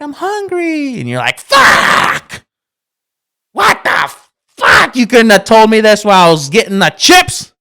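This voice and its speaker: A man in his thirties talks through a casual podcast monologue in a smooth, clear voice. He speaks slowly but with a very lively pitch that swings up and down. He rambles, restarts his sentences and swears as he goes. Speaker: podcast co-host.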